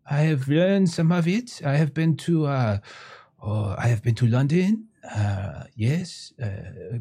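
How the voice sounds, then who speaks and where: A man's voice: fairly high pitch, breathy edge, pitched above the performer's own voice, exaggerated voice. A man voicing an eccentric, scruffy French sculptor who speaks broken English in a fawning, salesman's way. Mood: eager. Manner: fawning, repeats "yes" and "monsieur", broken English.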